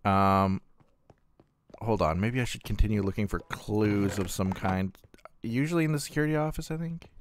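A man's voice: lowish voice, normal speed. A man hosting a gaming channel, thinking aloud in casual gameplay commentary with plenty of fillers and trailing thoughts.

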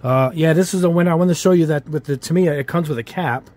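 Speaking fast in a fairly high, darkish voice, this man rambles through a casual product review at his hobby bench as a model-kit YouTuber. He has a New England accent with Italian-American touches, and his talk is heavy on fillers and chatty asides.

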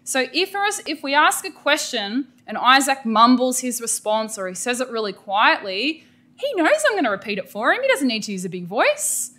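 A middle-aged Australian woman gives an energetic, emphatic professional development lecture to teachers. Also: sits high. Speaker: teacher educator presenting a workshop.

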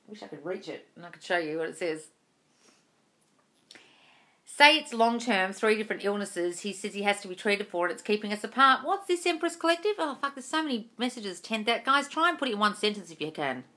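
Her medium-pitched voice is sing-song, brisk, pushed and bright. The manifestation coach, in her thirties, answers viewers' comments on a live stream from her home room via phone or webcam, reading them aloud, calling people darling, swearing freely and keeping it blunt and casual.

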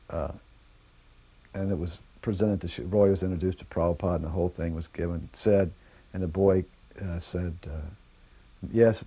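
Low, dark-toned man, halting speech. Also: slightly rough. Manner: halting, with many "uh"s and restarts. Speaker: devotee recalling memories. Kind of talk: anecdotal storytelling.

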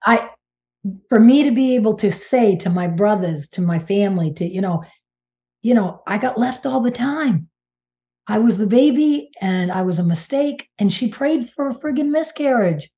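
Mellow-voiced woman telling her story. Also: medium pitch, normal speed. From Maine, United States. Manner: animated, emphatic, with exclamations and restarts. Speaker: guest medium and channeler. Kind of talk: casual interview storytelling.

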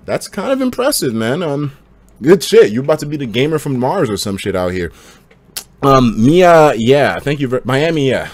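A young man livestreaming and reading chat, slangy and profane, swinging between hyped outbursts and low mumbling. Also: sing-song, normal speed, dry recording.

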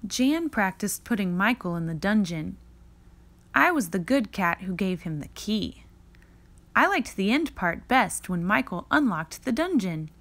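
A woman reading a children's picture book aloud, taking her time over each line. Her voice is bright, and it moves a lot in pitch as she tells the story with expression. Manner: slow, expressive read-aloud delivery. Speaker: reader.

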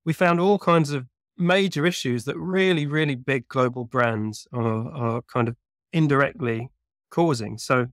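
A man's voice: mid-range voice, a little slow, a bit bright, dry recording. Man explaining thoughtfully in a dry close mic. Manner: thoughtful, explanatory, frequent "kind of" hedges. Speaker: guest researcher. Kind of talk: conversational interview.

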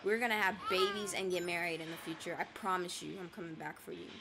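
A woman's voice: fairly low pitch, fairly even intonation, fast talker. A woman playing a horror game and commenting as she goes. She jumps, screams and swears, and she cracks jokes at the game's characters. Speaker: let's play gamer.

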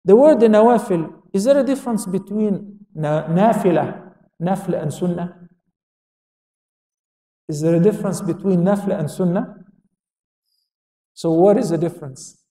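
A man's voice: sits high, a little slow, pauses often, dark tone. Man lecturing in an echoey hall. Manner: questions the audience and answers himself; switches into Arabic quotations. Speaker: Islamic lecturer. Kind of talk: religious lecture to an audience. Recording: echoey hall, speaker far from mic.

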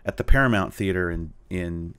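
A man, a cartoonist being interviewed, telling anecdotes in a relaxed, animated way, with frequent fillers and restarts. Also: deep voice, moderate pace, smooth. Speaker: guest, cartoonist and tabletop game player. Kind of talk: casual storytelling interview.

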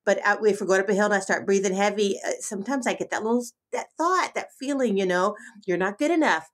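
A woman's voice: medium pitch, fast talker. A middle-aged woman hosting a podcast, talking in an emphatic, heartfelt way with many restarts. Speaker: podcast host. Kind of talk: casual podcast interview.

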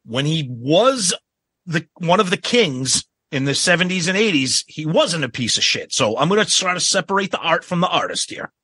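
A man's voice: a little high, normal speed, slightly rough, no room sound, studio quality. A man in his fifties from the Boston area, co-hosting a casual podcast and giving blunt, opinionated takes. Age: 50s. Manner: opinionated, animated, frequent restarts. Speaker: podcast co-host.

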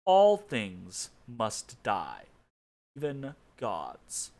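A man reading aloud the lines of a smug male necromancer god from a game's storybook, speaking slowly and measured. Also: mid-range voice, huge pitch swings, darkish tone, pitched below the performer's own voice, full character voice.

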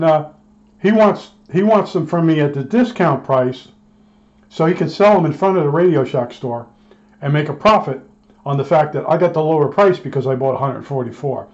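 A man's voice: a little high, a little mellow. A man, an electronics technician telling a long rambling story in a casual way. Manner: rambling, acts out both sides of old arguments. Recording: dull lo-fi recording.

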